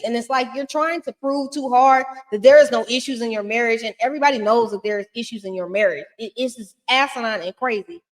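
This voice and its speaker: A woman's voice: a little high, brisk, hardly any pauses, in a large hall. A woman giving a casual, blunt and profane recap of a reality show, talking with plenty of sass.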